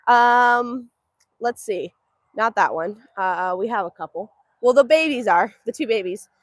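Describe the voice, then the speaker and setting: A woman's voice: a little high, expressive, measured pace, dry recording, clean studio sound. A woman hosting a casual livestream outdoors on a farm, chatty and laughing often as she answers viewers. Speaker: homestead livestream host. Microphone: phone livestream.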